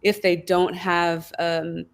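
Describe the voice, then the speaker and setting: A woman speaking as a guest on a workplace wellbeing panel, thoughtful and lively, now and then acting out what people think. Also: fairly low pitch, slow pace, creaky. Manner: thoughtful, lively, acts out quoted inner voices. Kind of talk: panel discussion.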